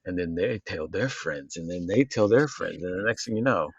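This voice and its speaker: A man co-hosting an unscripted podcast, talking in a halting, casual way, restarting often and cursing. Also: low voice, husky, no room sound, lo-fi sound. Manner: halting, restarts often, stutters when surprised; cursing, relaxed. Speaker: podcast co-host.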